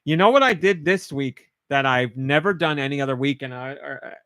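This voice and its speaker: A man's voice: medium pitch, animated, a little fast, a bit bright, smooth, no echo, clean studio sound. A man hosting a podcast in casual chat, gushing with emotion and getting choked up and tearful as he talks. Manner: emotional, gushing, laughs while choking up. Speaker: podcast host.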